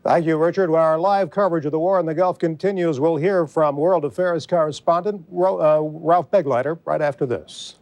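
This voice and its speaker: A male news anchor introducing and thanking correspondents in a brisk, businesslike way. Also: on the high side, darkish tone.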